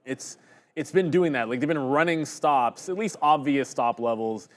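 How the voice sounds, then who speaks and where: A man's voice: mid-range voice, normal speed. Man giving casual live trading commentary. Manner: casual, thinking aloud with restarts and fillers. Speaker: day trader co-host.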